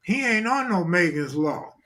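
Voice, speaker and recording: A man's voice: high-pitched, sing-song, measured pace, pushed and bright. A man co-hosting a casual live-stream talk show, speaking in loose street slang and often asking "you know what I'm saying.". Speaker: co-host. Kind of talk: casual chat.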